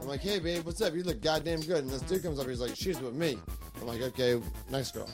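A young man in rowdy drunken banter, loudly defending himself and telling a crude story. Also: mid-range voice, brisk, music in the background. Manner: loud, defensive, tells crude stories. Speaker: guest on a group chat show.

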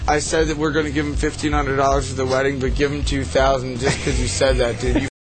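A man's voice: mid-range voice, level tone, fast. A man in casual chat, telling rambling stories full of swearing and "dude". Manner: rambling, profane, says "dude" constantly. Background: music.

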